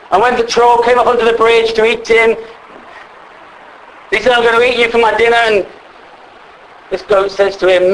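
High-voiced man telling a sermon story. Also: slight background noise, rough recording. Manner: conversational, repeats words, asks listeners questions.

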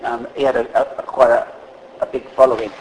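A man preaching a sermon in a conversational, halting way, with fillers and restarts, reading scripture aloud. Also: medium pitch, little pitch movement, a little hiss or hum, rough recording.

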